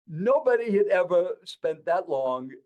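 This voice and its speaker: A man's voice: sits high, dull audio. An older man, a professional speaker, telling a story from his own life as a podcast guest and speaking straight to the listener. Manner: animated storyteller who addresses the listener directly. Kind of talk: storytelling in conversation.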